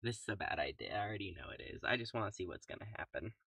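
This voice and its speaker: A young man casually commentating his own gameplay in a calm, soft-spoken way, throwing in playful made-up sound words. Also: fairly low pitch, very fast, gravelly, breathy edge, no room sound, far from the mic. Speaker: gaming YouTuber.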